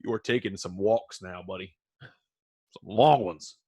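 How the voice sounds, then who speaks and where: A man's voice: sits low, moderate pace, warm tone, breathy edge, no echo. A man co-hosting a podcast, teasing his friend in casual banter, laughing and swearing often. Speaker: podcast co-host.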